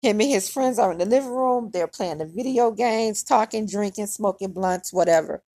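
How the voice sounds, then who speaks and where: Woman, podcast storyteller, gravelly and husky, candid chatty delivery, dry close sound. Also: medium pitch, normal speed, warm tone, dry recording. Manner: candid and conversational, heavy use of "like". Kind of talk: personal storytime narration.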